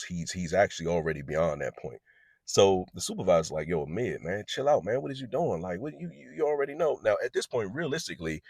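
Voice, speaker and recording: A man's voice: deep voice, breathy edge, dry recording, clean studio sound. A man, telling a true story to camera in a blunt, profane way. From Southeast Washington DC. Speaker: juvenile detention worker. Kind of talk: storytime monologue.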